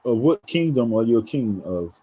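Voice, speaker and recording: A New York vlogger rambles through a casual commentary monologue aimed right at his viewers, repeating words often and addressing them as folks. His mid-range voice is husky and sing-song at a normal speed, captured in a muffled recording.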